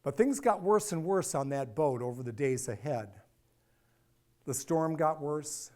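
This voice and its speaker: A middle-aged man giving a personal storytelling talk, animated and acting out the dialogue. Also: fairly high pitch, measured pace. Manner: animated, acts out dialogue, repeats phrases for effect. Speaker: speaker and author.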